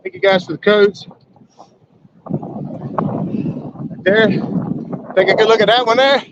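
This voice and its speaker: A man hosting a casual live fishing stream from a boat on a river, folksy and excitable, whooping when a fish is released. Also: high voice, slow, long pauses. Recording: lo-fi outdoor stream with boat noise.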